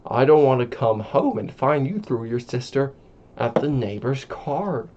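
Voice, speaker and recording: A man's voice: medium pitch, lively intonation, measured pace, a little mellow, natural voice. Frazzled busy mom, read by a man. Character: frazzled busy working mother. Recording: dull lo-fi.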